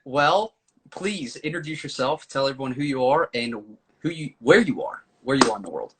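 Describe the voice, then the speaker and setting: A man's voice: medium pitch, lively intonation, normal speed, a bit bright, slightly rough. A man hosting a casual live-stream chat, upbeat and chatty, talking to viewers and a guest. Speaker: host.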